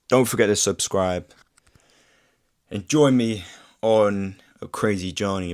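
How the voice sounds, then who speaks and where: A young man telling a story to camera in a rambling, sweary, casual way, full of "like". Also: lowish voice. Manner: rambling, sweary, filler-heavy with lots of "like". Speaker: vlogger. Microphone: camera mic.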